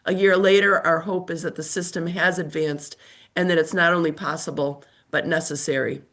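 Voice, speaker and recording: An older woman with a scratchy voice reads formal prepared testimony over a remote call, measured and steady. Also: lowish voice. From United States. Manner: formal, measured reading of a statement. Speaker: testifying witness. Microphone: remote call microphone.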